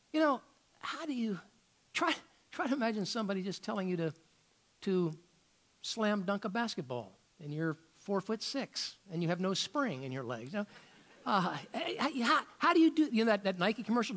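Animated pastor preaching with swooping pitch. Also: male voice. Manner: animated, many rhetorical questions, repeats words while searching. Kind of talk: sermon.

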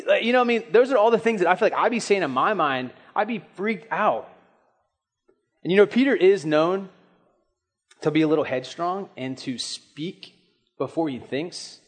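Animated casual young male preacher. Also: on the high side, a little fast. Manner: casual storytelling with animated acted-out asides. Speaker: pastor. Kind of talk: sermon.

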